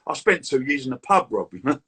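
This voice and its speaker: A man chatting casually as a guest, full of quick banter and a husky edge. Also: mid-range voice, sing-song, sharp tone. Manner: fast, chirpy banter with lots of "mate". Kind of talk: casual chat.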